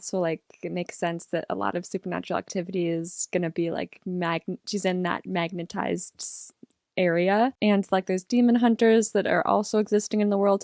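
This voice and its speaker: A young woman reacting to a TV episode, excitable and rambling as she thinks out loud. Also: mid-range voice, dry recording, clean studio sound. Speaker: reaction vlogger.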